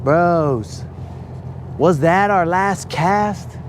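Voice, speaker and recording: A man's voice: high-pitched, very slow, slight background noise. A man hosting a live fishing stream from a boat, chatting casually in a joking, slangy, teasing way. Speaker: fishing livestream host. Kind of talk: casual chat. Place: outdoors on a lake boat.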